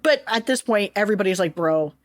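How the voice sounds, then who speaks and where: A woman's voice: mid-range voice, moderate pace, dry recording. A woman co-hosting a podcast, retelling history casually with lots of swearing and jokes. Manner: profane, animated, jokey retelling. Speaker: podcast co-host.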